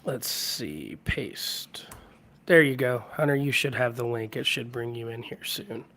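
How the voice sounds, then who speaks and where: A man with a cold talks through a relaxed live-stream chat from his home, his hoarse voice held low to spare it. There's a gravelly edge to his mid-pitched tone, and he rambles easily between viewers' names and stories. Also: measured pace. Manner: rambling, greets viewers by name. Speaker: livestream host. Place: at home with hardwood floors.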